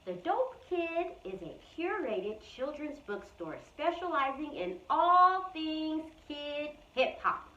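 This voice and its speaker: High-voiced woman hosting a kids show, slow playful talking, sounds far from the mic, kinda muffled. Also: lively intonation, sharp tone. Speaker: children's show host. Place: bookstore. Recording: roomy, distant, slightly dull recording.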